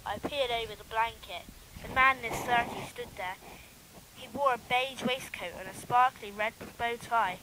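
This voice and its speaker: A woman's voice: on the high side, normal speed. A woman reading her own homemade story in plain, earnest first-person narration. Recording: noisy home recording.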